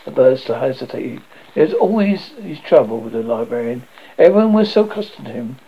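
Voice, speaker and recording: A man reads a comic novel aloud with a lively, expressive delivery. His voice is gravelly and husky and moves through a wide range of pitch. The recording sounds dull and lo-fi. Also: brisk. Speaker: audiobook narrator. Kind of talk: novel reading.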